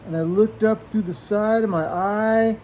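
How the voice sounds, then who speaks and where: A man spins an improvised bedtime story for a child, his voice sitting fairly high. He is playful and animated, sometimes lowering to a hush for suspense. A faint hiss sits under the recording. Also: measured pace. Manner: playful and animated, with spooky hushed moments.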